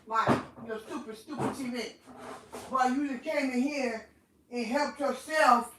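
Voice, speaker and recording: A high-pitched woman rants in a home vlog, swearing and circling back over the same grievance. Her voice sits a step back from the phone mic. The room rings with echo under a faint hiss. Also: measured pace, distant mic. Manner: profane, repetitive ranting in Southern African American vernacular. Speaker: vlogger. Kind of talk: angry venting monologue. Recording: echoey room, voice somewhat off-mic, faint noise.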